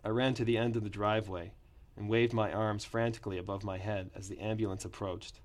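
A man narrating a first-person story in a plain, steady reading voice. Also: lowish voice, a little fast.

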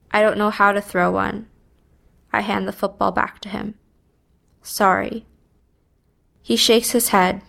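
A woman reading a first-person story aloud in a subdued, even manner. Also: mid-range voice, creaky. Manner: slow, even, subdued delivery. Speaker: narrator.

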